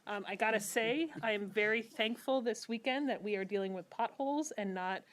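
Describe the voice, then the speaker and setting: A woman's voice: mid-range voice, brisk. Woman giving a city manager's report. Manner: steady briefing with frequent ums. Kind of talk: council meeting report.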